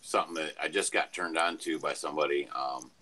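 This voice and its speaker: A man's voice: very deep voice, fairly even intonation, a little fast, very noisy. A man on an online panel, explaining a science idea with fillers and restarts. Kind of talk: casual panel chat.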